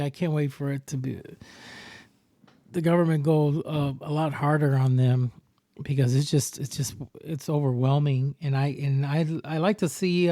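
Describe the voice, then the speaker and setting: A man's voice: no echo, clean studio sound. A man hosting a casual podcast chat, telling stories animatedly and acting out quotes. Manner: animated storyteller, acts out quotes in a higher voice. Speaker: podcast host.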